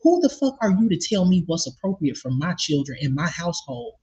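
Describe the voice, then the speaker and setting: A woman's voice: on the low side, big pitch swings, brisk, warm tone, breathy edge, lo-fi sound. A woman venting to her viewers in an indignant, profane, casual rant about a personal story. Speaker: vlogger telling a personal story.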